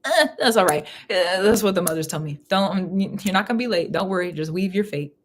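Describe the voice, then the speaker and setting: A woman's voice: mid-range voice, lively intonation, fairly quick, a little hiss or hum. A woman giving a live spiritual reading in casual chat, who laughs often and repeats phrases. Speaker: spiritual reader.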